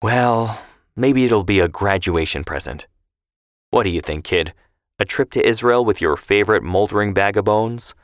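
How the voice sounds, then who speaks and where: A man reading the part of a sharp-tongued, affectionate grandfather in a story, in plain banter. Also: fairly low pitch, moderate pace, dry recording, studio quality, close to an everyday voice. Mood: teasing. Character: feisty, teasing grandfather, older man.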